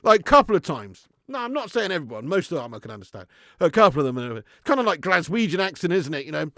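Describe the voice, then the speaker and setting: A young adult man chats his way through a fan livestream, laughing often as he reads out viewer comments. His voice sits a touch high, and the sound is close and dry with no room echo. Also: sing-song, quick pace, fairly bright tone. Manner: chatty, laughs often, puts on mock regional accents. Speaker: fan channel livestream host. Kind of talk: casual livestream chat reading comments.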